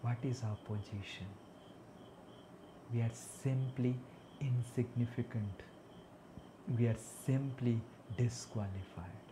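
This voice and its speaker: A man's voice: mid-range voice, fairly even intonation, takes it slowly, long pauses, background noise. A man giving a devotional sermon with storytelling, earnest and drawing out his phrases. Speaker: preacher.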